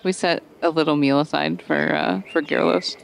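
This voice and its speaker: A man playing a tabletop game, relaxed and wry in his remarks. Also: a little high, moderate pace, gravelly, a little hiss or hum. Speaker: player. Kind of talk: casual tabletop game chat.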